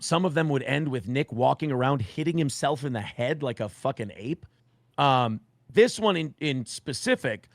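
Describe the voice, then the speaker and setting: A man's voice: medium pitch, no echo, studio quality. Blunt, profane man in his forties. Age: 40s. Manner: blunt, profane, animated retelling with quoted voices. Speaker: guest. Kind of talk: casual storytelling on a stream.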